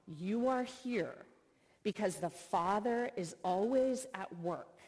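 A middle-aged woman, a professor, giving an earnest sermon full of personal stories and expressive retelling. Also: lowish voice. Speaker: speaker, professor. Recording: long reverb of a hall.

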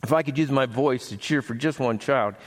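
A man reading the part of a loving mother elephant in a children's story, soft and warm. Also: mid-range voice, brisk, natural voice. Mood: tender.

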